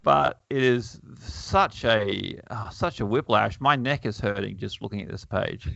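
A man's voice: on the low side, lively intonation, measured pace, gravelly, fairly bright tone, no room sound. A man hosting a podcast, reading a comic aloud in casual chat, wry and chuckling, with plenty of fillers. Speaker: podcast host. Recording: dull lo-fi, dry.

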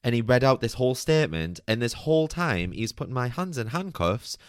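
A man's voice: mid-range voice, big pitch swings, brisk, no echo, studio quality. A man hosting a podcast, telling a personal story in a chatty, candid way full of "like" and the odd swear. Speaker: podcast host.

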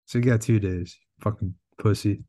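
A man's voice: on the low side, steady tone, moderate pace, warm tone, dry recording. A young man co-hosting a podcast, teasing and laughing often. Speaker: podcast co-host. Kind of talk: casual chat.

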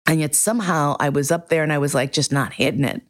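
A middle-aged woman hosting a podcast, telling a candid, profane personal story with lively acted-out quotes. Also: low voice, fast. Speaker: podcast host.

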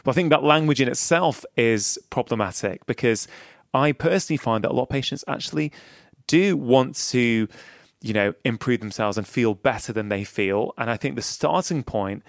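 A man's voice: mid-range voice, moderate pace, vocal fry, no echo. Reflective male doctor host, dry sound. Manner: thoughtful, reflective, with some restarts. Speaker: host, general practitioner. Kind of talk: conversational podcast interview.

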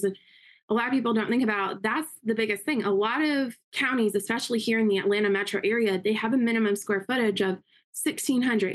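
Interview guest: woman, upbeat quick storyteller, mid pitch. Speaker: interview guest, realtor and investor. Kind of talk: casual interview talk.

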